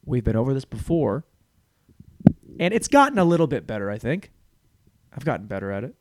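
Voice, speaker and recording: Crude rambling podcast guy, lively pitch. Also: fairly quick, background noise. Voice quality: cluttering speech, words tumbling together. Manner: rambling, crude, self-mocking, laughs at own jokes. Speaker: podcast host. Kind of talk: casual comedic monologue. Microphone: studio mic on a stand.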